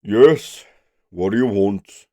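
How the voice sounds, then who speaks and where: A congested man voicing a gruff, surly male hermit who lives in a hollow tree, with a mocking, menacing manner. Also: medium pitch, expressive, measured pace, warm tone, pitched above the performer's own voice, close to an everyday voice.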